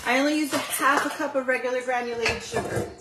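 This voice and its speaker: A woman's voice: high voice, fairly even intonation, fast talker, echoey room, distant mic, noisy background. A woman from Southern California chatting casually through a live baking demo in her home kitchen, filling her talk with ums and greeting viewers by name. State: out of breath after running stairs. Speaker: channel host baking live.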